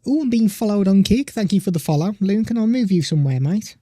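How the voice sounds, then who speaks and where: A man's voice: high-pitched, animated, quick pace, mellow, dry recording, faint music behind. A man hosting a casual live product demo at his home desk, talking loosely into a studio microphone and stopping now and then to chat to his pet. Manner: chatty, loose, stops to talk to his pet. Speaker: tech livestream host. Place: home desk streaming setup. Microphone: studio microphone through a mixer at a desk.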